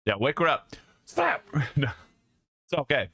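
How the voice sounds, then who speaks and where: A man's voice: medium pitch, normal speed, a bit bright, no room sound. Joking young man hosting a stream. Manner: jokey, laughing, rambling. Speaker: streamer host. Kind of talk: casual chat with stream viewers. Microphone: studio mic.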